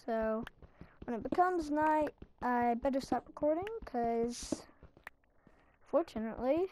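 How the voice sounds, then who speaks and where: Sitting high in pitch yet dark in tone, a young woman's voice moves slowly over a slight hiss or hum. She runs a gaming channel and offers rambling, self-deprecating commentary as she plays Minecraft casually.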